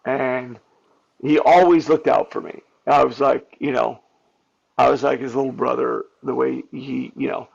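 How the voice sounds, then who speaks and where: A man, a stuntman and actor, telling candid behind-the-scenes stories in an interview, animated and full of fillers and restarts. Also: medium pitch, unhurried, vocal fry, slightly rough. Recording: dull lo-fi audio.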